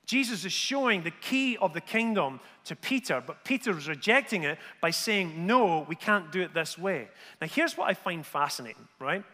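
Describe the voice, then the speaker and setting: A man's voice: sits high, animated, moderate pace, hardly any pauses, sharp tone. A man preaching a conversational sermon, asking his listeners rhetorical questions. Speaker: pastor. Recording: long hall reverb.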